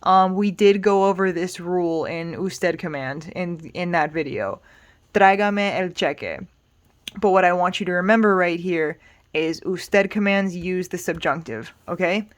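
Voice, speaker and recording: A woman teaching Spanish grammar in a relaxed, explanatory way, patient and reassuring, thinking aloud with small fillers. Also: lowish voice, unhurried. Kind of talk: casual explanatory lesson.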